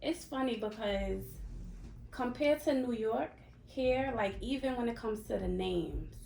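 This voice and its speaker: Gravelly-voiced woman podcast guest. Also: on the high side, lively intonation, a little slow, dark tone. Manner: matter-of-fact, uses a lot of "like". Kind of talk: casual chat. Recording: echoey room with faint noise.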